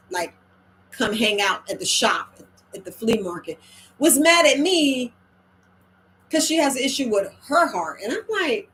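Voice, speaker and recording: A middle-aged woman herbalist talking in a casual, animated monologue, slipping into quoted voices and slang. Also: on the high side, a little hiss or hum, low-quality recording. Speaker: herbalist host.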